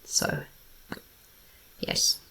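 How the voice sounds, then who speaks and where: A woman's voice: very slow, pushed and bright. Chatty woman singer in an echoey room. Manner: chatty, breaks into scat-singing rhythms. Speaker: classical singer reacting to music. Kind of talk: casual music analysis. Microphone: home microphone.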